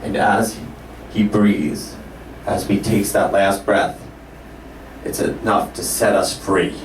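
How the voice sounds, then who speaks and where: A solemn, hushed male spiritual teacher, as a man puts him on, measured and meditative with a lowered voice. Captured live in a roomy cafe from a distance, faint murmur behind. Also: flat delivery, a little hiss or hum. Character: solemn soft-spoken male spiritual author.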